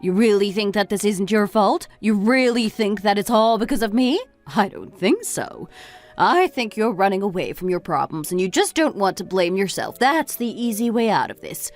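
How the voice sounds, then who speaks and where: A woman's voice: medium pitch, sing-song, moderate pace, faint music behind, natural voice. A woman playing a reproachful mother. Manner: reproachful, lecturing. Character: bitter, reproachful middle-aged mother. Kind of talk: scripted text-story drama.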